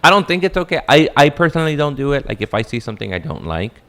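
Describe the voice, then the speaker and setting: A man's voice: fairly high pitch, sing-song, fast, a bit bright. A man from Los Angeles, a comedian guest in a casual podcast chat, laid-back, cursing freely and laughing often.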